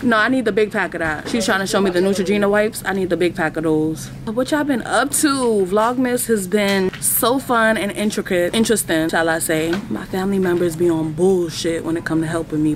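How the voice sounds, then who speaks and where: A young woman vlogging to a handheld camera, chatting casually and slangily to her viewers while walking through a busy store. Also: medium pitch. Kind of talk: casual vlog chat to camera. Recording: noisy store with crowd chatter. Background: store crowd noise.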